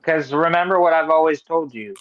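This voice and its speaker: Animated man recapping wrestling. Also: on the high side. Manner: animated, swears, does quick voices of the people he quotes. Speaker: podcast co-host. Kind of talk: casual wrestling recap chat. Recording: dull lo-fi recording.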